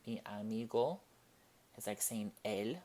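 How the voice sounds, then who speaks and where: Slow-paced male language teacher. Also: fairly low pitch, warm tone. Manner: slow, deliberate explanations with Spanish examples. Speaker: Spanish teacher. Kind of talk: classroom-style language lesson.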